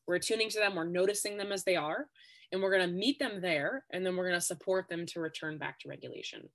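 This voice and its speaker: A woman's voice: fairly low pitch, fast. A woman speaking as a guest expert on a podcast, explaining steadily and often stressing her points with "really". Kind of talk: podcast interview.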